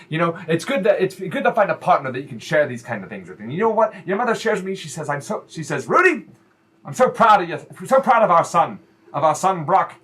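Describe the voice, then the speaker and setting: A man's voice: on the high side, a bit bright. A man voicing a kindly, awkward stepfather who talks in earnest, fumbling, fatherly restarts.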